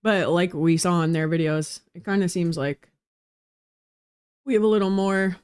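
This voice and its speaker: A woman's voice: on the low side, steady tone, normal speed, darkish tone, clear, resonant tone, no echo. A young woman chatting casually and half to herself, giggling now and then. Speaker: girlfriend reviewing brand videos. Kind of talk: casual chat.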